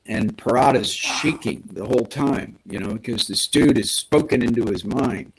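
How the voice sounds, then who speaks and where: A man's voice: mid-range voice, normal speed, hardly any pauses, husky, rough recording. A man on a podcast, casually retelling a story with animation and acting out the quoted lines. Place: podcast studio.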